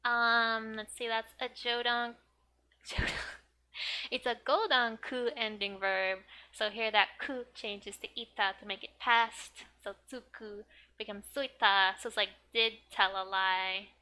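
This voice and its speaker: Her voice is clear and resonant, at a measured pace, as she teaches Japanese through a manga. She keeps it casual and chatty, giggles a lot, fills her talk with "um" and "like," and performs the characters' lines in high, excited voices.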